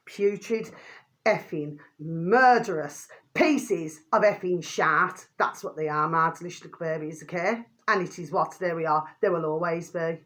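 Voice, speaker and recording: A woman's voice: lowish voice, a little slow, fairly bright tone. A woman vlogging an angry rant to her viewers, swearing mildly and calling them by a pet phrase again and again. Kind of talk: ranting monologue to camera.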